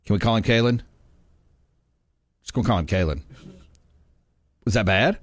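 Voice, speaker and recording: A man's voice: lowish voice, expressive, moderate pace, dry recording. A man hosting a sports talk radio show in an easygoing, conversational way from the studio. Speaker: radio host. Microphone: studio mic.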